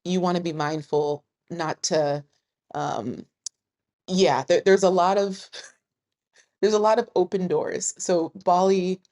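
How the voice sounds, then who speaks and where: A woman in her thirties talking casually to camera as a travel vlogger, chatty and quick to laugh. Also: fairly low pitch. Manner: chatty, laughs often, animated storytelling.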